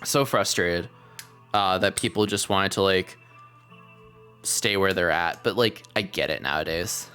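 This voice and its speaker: Low-voiced, rambling livestream podcast host. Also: a little slow, a bit bright, clear, resonant tone, faint music behind. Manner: rambling, lots of fillers and casual swearing. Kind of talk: casual livestream chat.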